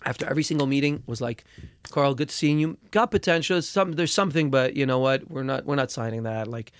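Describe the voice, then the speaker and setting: A young man talking as a musician guest in a casual interview, telling his story with lots of swearing and repeated words, and getting loud when angry. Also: mid-range voice, fairly quick, clear, resonant tone, dry recording.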